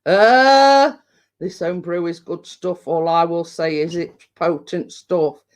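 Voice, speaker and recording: Male host, slow and meandering, loose and tipsy, casual stream chat. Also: on the high side. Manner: rambling, halting, many restarts. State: tipsy from home brew. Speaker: livestream host. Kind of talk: casual chat reading viewer comments.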